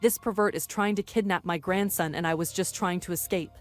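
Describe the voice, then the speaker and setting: A woman's voice: fairly low pitch, steady tone, a little fast, faint music behind, natural voice. A woman voicing a self-righteous older woman who keeps making accusations in a narrated story. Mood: accusing. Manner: accusing, bossy.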